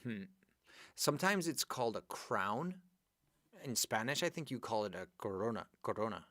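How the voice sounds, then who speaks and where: A man teaching an English grammar class live, going over exercises and praising his students by name in a lively, chatty way. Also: fairly low pitch, moderate pace, no room sound, clean studio sound.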